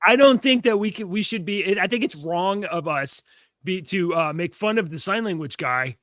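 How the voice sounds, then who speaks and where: A man's voice: sits high, lively intonation, normal speed, a bit bright, no echo, studio quality. A man co-hosting a casual comedy podcast, stammering and restarting as he talks. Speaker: podcast co-host.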